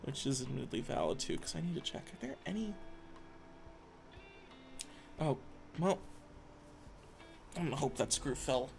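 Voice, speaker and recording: A man's voice: medium pitch, very animated, normal speed, creaky, long pauses, a little mellow. A young man on a live stream who mutters to himself and swears often. He is stressed and frustrated while he builds something by hand. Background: faint background music.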